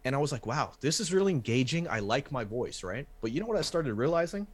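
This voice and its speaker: A man's voice: medium pitch, sing-song, fast talker, slightly rough. A man who hosts a wrestling podcast, talking casually and animatedly, swearing and restarting his sentences.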